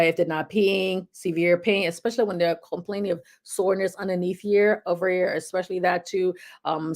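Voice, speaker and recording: A middle-aged woman talking casually to the camera, giving parents health advice. Her voice sits a little low, and she keeps up a chatty, repetitive flow, often stopping to ask "okay?". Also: darkish tone. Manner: chatty, repeats "okay?" to check in with viewers. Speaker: health video host.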